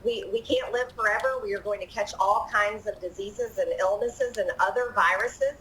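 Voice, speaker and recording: Woman in a replayed clip, bright sharp voice, matter-of-fact, faint hiss behind. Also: mid-range voice, moderate pace, poor audio. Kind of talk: earnest opinion statement.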